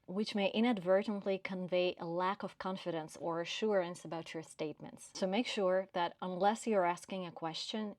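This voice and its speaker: Measured woman with a non-native accent, dry sound. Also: on the low side, a little mellow, no echo. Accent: non-native English. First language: not English. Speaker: career coach. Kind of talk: scripted advice to camera.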